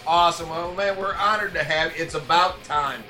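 A man's voice: on the high side, moderate pace, pushed and bright, soft background music. A man from New Orleans co-hosting a podcast, rambling and enthusiastic with many fillers. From New Orleans, USA. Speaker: podcast co-host. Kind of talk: casual podcast banter.

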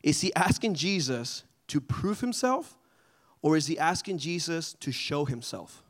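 A man leading a group Bible study in a casual, animated way, often asking the group questions. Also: fairly high pitch, a little slow.

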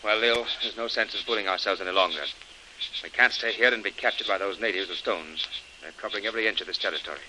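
An actor playing a determined male adventurer in danger in 1940s radio drama, speaking briskly. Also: lowish voice, noisy background, close to an everyday voice. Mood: urgent.

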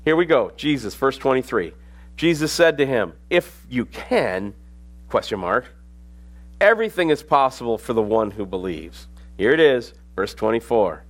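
A middle-aged man preaching a sermon as pastor, reading scripture aloud and rising to sudden emphasis. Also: medium pitch.

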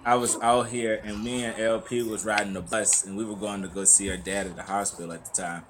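A man tells a relaxed story on a casual radio talk show, laughing along with the others. His voice comes through over a clear hiss of background noise. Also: lowish voice, a little fast. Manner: laid-back, laughing. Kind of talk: casual group banter, storytelling.

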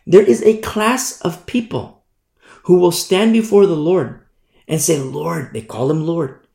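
A man's voice: high voice, lively intonation, a little slow, dark tone. A man preaching a sermon in an emphatic way, often asking "you see?". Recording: echoey room.

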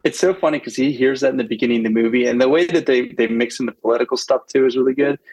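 A man's voice: medium pitch, very fast, darkish tone, husky, poor audio. A man co-hosting a podcast, chatting casually and enthusiastically about a film, rambling and laughing as he goes. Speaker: podcast co-host.

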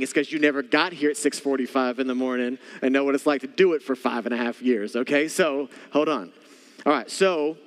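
A male pastor preaching a sermon, telling a story with animation and speaking straight to his congregation. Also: medium pitch. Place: church sanctuary. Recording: church hall with long reverb.

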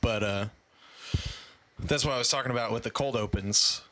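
A man's voice: mid-range voice, normal speed, pushed and bright, a little hiss or hum. A man hosting a casual podcast chat, rambling with many fillers. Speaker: podcast host and editor.

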